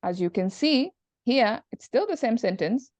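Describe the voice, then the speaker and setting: A woman's voice: on the high side, animated, moderate pace, darkish tone, dry recording. A woman teaching a grammar class, explaining patiently step by step and working through examples aloud. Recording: dull, dry lo-fi recording.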